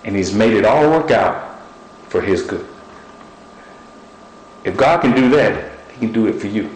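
A man's voice: fairly low pitch, lively intonation, a little slow. A middle-aged man preaching a sermon, repeating short phrases and using objects as illustrations. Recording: echoey room with faint noise.

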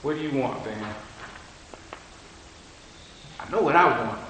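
A man preaches in a loose, storytelling way, his forceful, bright voice ringing through a big reverberant hall. Faint noise sits under the long echo. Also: medium pitch, measured pace, pauses often. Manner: storytelling, animated, colloquial. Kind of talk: sermon. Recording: echoey hall.

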